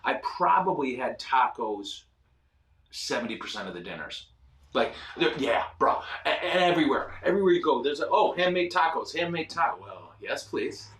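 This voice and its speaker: A man's voice: medium pitch, normal speed, distant mic. Jokey man telling stories in a roomy studio. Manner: animated, jokey, self-deprecating, many fillers. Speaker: priest hosting a ministry show. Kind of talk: casual storytelling chat. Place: ministry studio.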